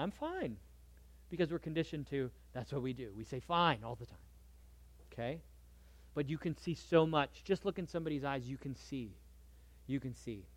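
A man preaching a sermon in a conversational way, moving between soft asides and lively emphasis. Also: a little high, dry recording. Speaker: pastor.

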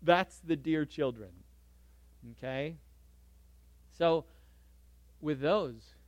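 Male pastor preaching, lively and emphatic, high voice, dry close sound. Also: drawn-out words, long pauses, no echo. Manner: animated and emphatic, swinging from loud bursts to soft asides. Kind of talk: sermon.

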